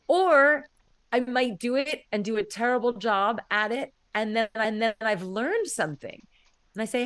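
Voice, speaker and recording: A woman's voice: fairly high pitch, normal speed, a bit bright, no echo. A woman streamer giving casual advice in an earnest, rambling way, acting out her own thoughts as she goes.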